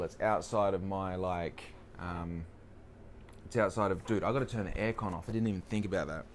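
A man's voice: low voice, fairly even intonation, moderate pace, a little hiss or hum. A young man talking casually in a rambling, profane, self-deprecating way. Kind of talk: casual monologue.

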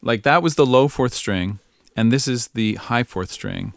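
A man's voice: medium pitch, expressive, unhurried, vocal fry, over loud music. Thoughtful male ukulele teacher, musing aloud. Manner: musing, thinks aloud with fillers, hums and sings snippets. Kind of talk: relaxed demonstration lesson.

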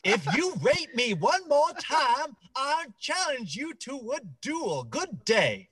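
A man putting on a stiff, easily offended gentleman with a prim, formal, huffy manner. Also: very high-pitched, wildly swooping pitch, takes it slowly, breathy edge, pitched above the performer's own voice, exaggerated voice. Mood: indignant.

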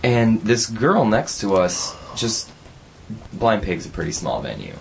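A man's voice: lowish voice, big pitch swings, a little slow, vocal fry, a little hiss or hum. A young man hosting a casual college radio show, telling rambling stories with lots of fillers. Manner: rambling, chatty storyteller with many fillers.

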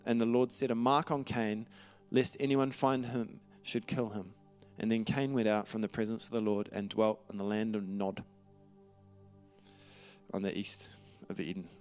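This is a pastor preaching, his voice sitting at a medium pitch. Earnest and conversational in tone, he reads passages of scripture and frequently starts his sentences over.

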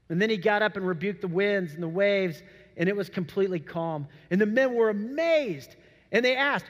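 A man preaching a sermon, telling the story with animated, acted-out quotes. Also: high voice, moderate pace. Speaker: pastor. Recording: long hall reverb.

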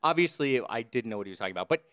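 A man tells a rambling story in casual chat. His pitch rises and falls with lively swings. He laughs easily between lines. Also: racing, smooth. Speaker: podcast co-host. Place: Brooklyn.

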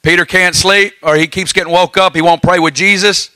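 A man preaching a sermon, telling stories in a folksy way with lively asides. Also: high voice, fairly quick, clean tone, no room sound, rough recording.

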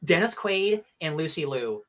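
A man's voice: a little high, very animated, moderate pace. A man co-hosting a podcast, gushing playfully about the acting in a film. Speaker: podcast co-host. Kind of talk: casual film discussion.

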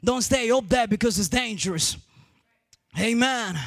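High-pitched gravelly preaching man. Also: a little slow, no echo. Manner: sing-song preaching cadence, builds to shouting; repeats words and restarts. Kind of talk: sermon storytelling.

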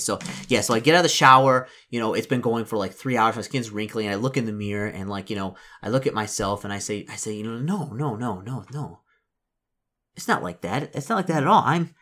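A man narrating a solo tabletop role-play and reading out his dice rolls, often halting, repeating and restarting his words. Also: fairly low pitch, a bit bright, slight background noise. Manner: halting, full of repetitions and restarts.

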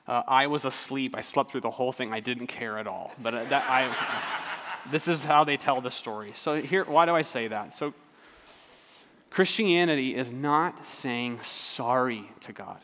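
A man preaching a sermon in a relaxed, conversational way, telling stories with frequent fillers and restarts. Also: medium pitch, long reverb tail, slight background noise. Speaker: pastor.

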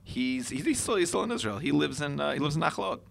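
A man's voice: on the high side, animated, fast, vocal fry, a bit bright. A man talking reflectively in a casual chat as a co-host, often restarting his sentences and laughing.

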